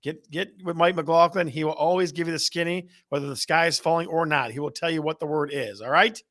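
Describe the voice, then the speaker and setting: A man's voice: a little high, fairly quick, a bit bright. A man from Michigan hosting a live real estate show, upbeat and joking as he rallies the chat. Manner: hyped, jokey, rallying the chat. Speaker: show host.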